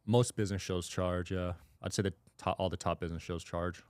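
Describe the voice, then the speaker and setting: A man as a podcast guest in casual chat, matter-of-fact and quick to agree. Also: deep voice, steady tone, darkish tone, smooth, no echo, studio quality.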